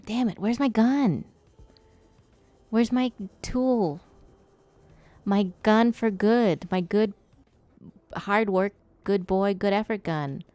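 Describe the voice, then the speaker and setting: A woman's voice: mid-range voice, takes it slowly, pauses often, a little mellow, dry recording. A woman streaming herself playing a video game, chatting playfully with her viewers and talking back at the game. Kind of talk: casual gameplay streaming.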